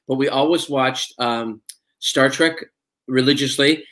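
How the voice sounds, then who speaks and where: Male guest actor, mid-pitched, chatty storyteller who acts out quotes. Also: a little slow, a bit bright. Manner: anecdotal, acts out quoted dialogue, many fillers. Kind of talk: casual interview storytelling.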